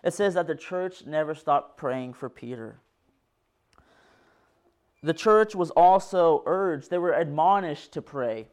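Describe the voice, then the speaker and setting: A man delivers a sermon in a fairly high, smooth and resonant voice. He reads scripture aloud earnestly, pressing some phrases harder and letting others drop low. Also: animated, slow pace, long pauses, darkish tone. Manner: earnest preaching that reads scripture aloud, rising and falling in force. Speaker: preacher.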